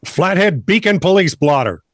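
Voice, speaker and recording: An older man with a slightly higher voice reads strange police-blotter items, then breaks into wry asides and laughter. His pitch swings widely as he jokes. The close mic leaves the sound dry. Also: very animated, normal speed, no echo. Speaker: co-host. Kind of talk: comedy news banter.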